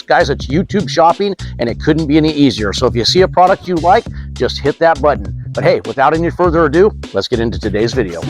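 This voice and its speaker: A man hosting a pest control channel, giving an energetic, salesy product demonstration straight to the viewer. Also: fairly high pitch. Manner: energetic, salesy, direct to camera.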